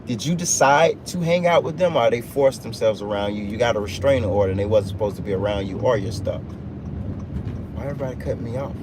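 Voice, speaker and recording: A man livestreaming from inside a truck, preaching motivation in a steady mid-range voice. He hammers each point with repeated, emphatic lines. Road and engine noise hums clearly behind him on the phone recording. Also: medium pitch, fast talker. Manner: emphatic, repetitive preaching cadence. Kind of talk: off-the-cuff motivational talk. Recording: noisy vehicle cabin sound.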